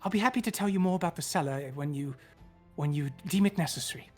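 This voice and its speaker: A woman's voice: on the low side, fast talker, darkish tone, soft background music, close to an everyday voice. A woman doing a doting old cook. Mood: eager. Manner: rambling, hesitant, doting. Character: kindly older woman cook, chatty and fussy.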